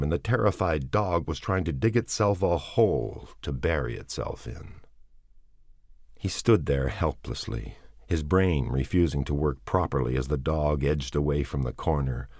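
A man narrating a dramatic audiobook in a measured, expressive way. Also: rumbling low, no echo, clean studio sound.

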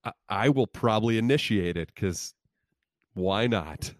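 Low-voiced man, casual podcast banter. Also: animated, dry recording, studio quality. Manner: rambling, self-deprecating, quick asides. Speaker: podcast co-host.

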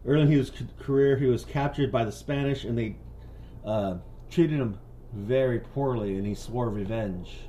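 A man's voice: medium pitch, moderate pace, mellow, a little hiss or hum. Guy cohosting a podcast, loose and sweary, keeps laughing at his own bits. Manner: profane, laughing, slips into silly put-on voices. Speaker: podcast co-host. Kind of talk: casual chat.

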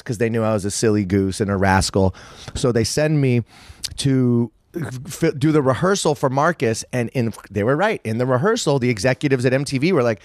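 A man's voice: medium pitch, lively intonation, a little fast, no echo, clean studio sound. Profane rambling storyteller man in his 50s. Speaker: guest. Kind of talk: casual storytelling interview.

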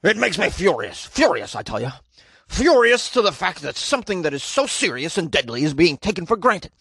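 A man's voice: high voice, sing-song, a little fast, fairly bright tone, slightly rough, no echo, pitched above the performer's own voice, full character voice. A man putting on the voice of an indignant male city councilor, overwrought and emphatic, repeating his words.

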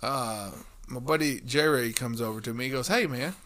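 A man's voice: medium pitch, moderate pace. A man in casual chat, telling a profane workplace story with lots of quoted back-and-forth. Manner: lively retelling, rambling with restarts.

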